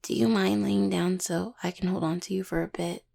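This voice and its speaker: A woman voicing a caring necromancer partner in a whispered role-play, soft, intimate, teasing and curious. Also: on the low side, steady tone, fairly quick, creaky. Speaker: audio role-play performer.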